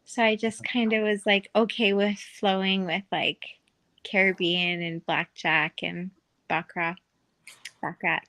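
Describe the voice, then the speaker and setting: A former casino dealer on a podcast relates casual stories in a mid-range, level-toned voice that's a bit bright, speaking at a measured pace. Her talk is chatty and filled with fillers, broken up by frequent laughter.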